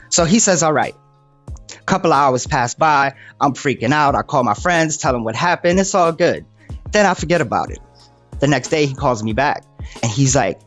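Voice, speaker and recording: A male comedian telling a story on stage, animated and jumping between high and low character voices. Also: a little fast, soft background music. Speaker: stand-up comedian. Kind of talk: comic storytelling with acted voices.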